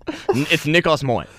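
A man co-hosting a casual podcast, recapping a reality show with frequent laughs and quick asides. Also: on the high side, pushed and bright. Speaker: podcast co-host.

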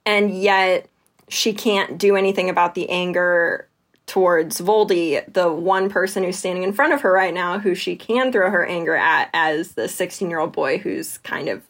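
A woman's voice: on the low side, moderate pace, fairly bright tone. Chatty woman podcast co-host. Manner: chatty, many fillers, acts out quoted lines. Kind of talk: casual book discussion.

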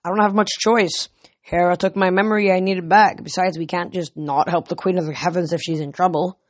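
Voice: medium pitch, steady tone, brisk, no echo, natural voice. A reader voicing a resolute teenage boy hero. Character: determined teen boy hero.

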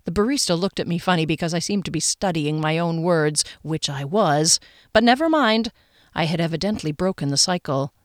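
A woman narrating a first-person novel as an audiobook, in a wry, expressive way. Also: fairly low pitch, fairly quick, no echo, studio quality.

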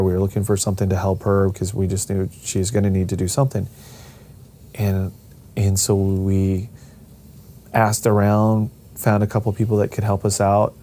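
A man's voice: deep voice, warm tone, slight background noise. A middle-aged man telling a personal family story in a casual way, rambling with restarts and acting out the voices of the people he quotes.

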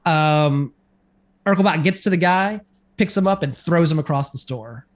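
Male podcast co-host, slightly high voice, loose rambling recap delivery. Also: normal speed. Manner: rambling, filler-heavy retelling. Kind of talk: casual chat.

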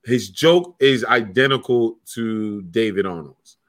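A man who is a stand-up comic, chatting casually and telling animated stories, swearing freely and acting out what people said. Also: on the low side, takes it slowly. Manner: animated storyteller, swears freely, acts out quotes. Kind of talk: casual podcast chat.

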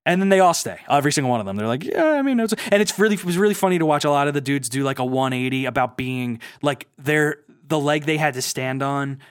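An animated man recapping a reality show in casual chat, breaking into mocking impressions as he goes. His voice sits in the middle range. The sound is close and dry, with no room echo. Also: medium pitch, fast, few pauses, smooth. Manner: animated storytelling, slips into mocking voices of people he quotes. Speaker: podcast co-host.

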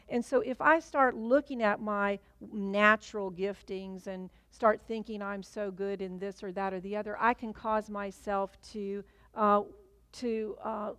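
A woman's voice: medium pitch, fairly bright tone, no echo. A middle-aged woman preaching a sermon in a loose, conversational way, with many fillers and restarts.

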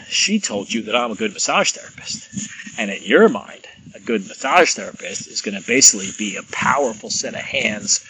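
A man talking casually to his listeners, rambling through everyday examples and telling stories to make his point. His voice is bright and forward, with a faint hiss of noise behind it. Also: on the low side, vocal fry, poor audio. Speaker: massage therapist. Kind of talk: casual monologue.

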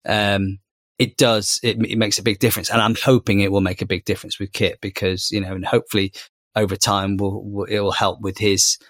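A man in his thirties speaks as a podcast co-host in easy, rambling conversation. His voice sits on the lower side, and he keeps circling back with fillers and restarts. The sound is dry and close, with no room around it. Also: flat delivery, brisk, a bit bright, dry recording. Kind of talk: casual conversation.

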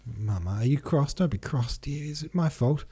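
A man's voice: medium pitch, lively intonation, normal speed, dark tone, slightly rough, pitched above the performer's own voice. A man voicing an eager young woman. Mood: pleading. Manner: eager, pleading. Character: young woman, excited and earnest. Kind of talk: audiobook reading.

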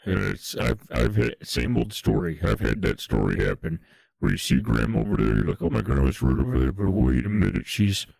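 Male comedy co-host, deep husky voice, animated intonation, improvised riffs. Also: a little fast, dry recording. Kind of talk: absurdist comedy radio chat.

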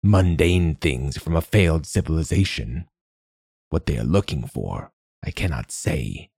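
A man voicing an ancient, secretive machine god in a storybook reading, with a rasping, slow and measured delivery. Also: a bass voice, lively intonation, darkish tone, no room sound, studio quality, full character voice. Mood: solemn. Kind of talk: audiobook narration.

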